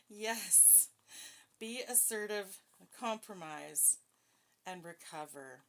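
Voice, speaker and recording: A woman's voice: mid-range voice, bright, forceful tone. A woman doing a casual spiritual card reading, chatty and self-deprecating, checking in with her viewers. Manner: chatty, self-deprecating, talks straight to viewers with frequent "okay?". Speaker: tarot card reader.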